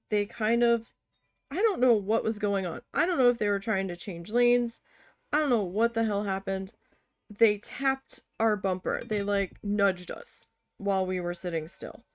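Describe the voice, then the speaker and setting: A woman's voice: mid-range voice, dry recording. Chatty woman telling a road-trip story. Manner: chatty, swearing, quoting others in lively voices. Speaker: crafting vlogger. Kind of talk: casual storytelling while crafting.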